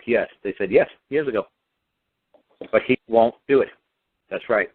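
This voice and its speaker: A man's voice: on the low side, unhurried, pauses often, breathy edge. A man on a radio show telling his story in an emphatic, repetitive, defiant way. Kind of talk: impassioned radio talk. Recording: tinny phone-like line.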